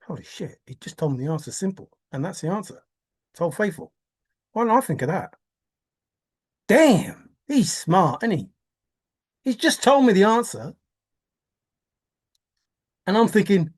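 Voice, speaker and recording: A woman's voice: mid-range voice, very animated, moderate pace, pauses often, a little mellow, breathy edge. Theatrical woman with a swooping voice. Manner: theatrical, exclaiming, mock-despairing, repetitive. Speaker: treasure hunt video maker. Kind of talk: excited solo monologue.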